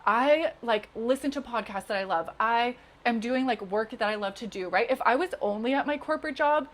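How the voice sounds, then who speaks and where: Young woman guest, earnest casual chat, lots of fillers, slightly high voice. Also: a little fast. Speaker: podcast guest.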